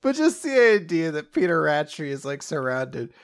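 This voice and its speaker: A podcast co-host in casual chat about manga, animated and laughing often. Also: medium pitch, normal speed, a little hiss or hum.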